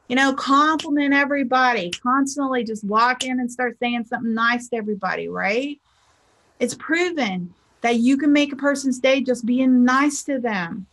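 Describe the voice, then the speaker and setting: A woman with a high-pitched voice speaks at a moderate pace, giving a casual motivational talk as a spiritual teacher and life coach. She's chatty and acts out the people she quotes in lively voices.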